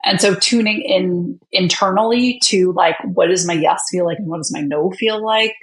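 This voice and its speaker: A woman's voice: fairly low pitch, moderate pace, rough recording. A woman guest on a podcast interview, talking thoughtfully about boundaries with a coach's choice of words. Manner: thoughtful, coaching-style phrasing. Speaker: author and guest. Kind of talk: reflective conversational interview.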